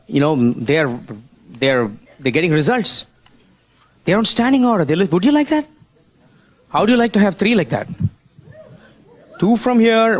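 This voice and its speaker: In a slightly high voice, a man delivers a motivational business seminar, drawing on a board and prodding the audience with rhetorical questions and "Hello?"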